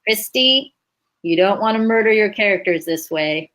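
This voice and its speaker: A woman's voice: medium pitch, animated, normal speed, fairly bright tone, low-quality recording. A woman leading a writing workshop in a chatty, upbeat way, laughing easily as she explains. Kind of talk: casual teaching chat.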